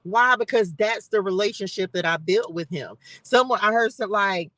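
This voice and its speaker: A woman's voice: medium pitch, normal speed, fairly bright tone, dry recording, rough recording. A woman hosting a live stream from her car, giving fervent, repetitive faith encouragement with bursts of laughter. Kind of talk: casual spiritual encouragement talk. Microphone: live-stream device mic.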